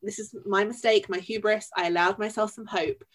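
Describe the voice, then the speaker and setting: A woman with a Yorkshire accent talks through a film in casual podcast chat. She is animated and expressive, with wry asides and a voice at an ordinary middle pitch. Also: fairly quick. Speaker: podcast co-host.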